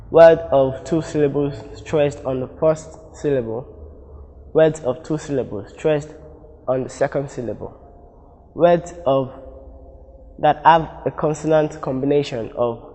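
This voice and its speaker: Guy from nigeria teaching english, slow careful explaining, echo hangs in the room. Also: medium pitch, dark tone. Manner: deliberate, explains step by step with repeated phrases. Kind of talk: classroom lesson. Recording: long reverb.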